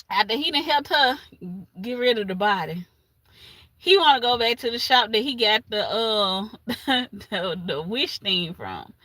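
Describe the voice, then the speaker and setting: Bright-voiced woman retelling a story. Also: high-pitched, no echo. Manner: animated retelling with laughs and asides. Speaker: livestream host. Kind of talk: casual storytelling recap.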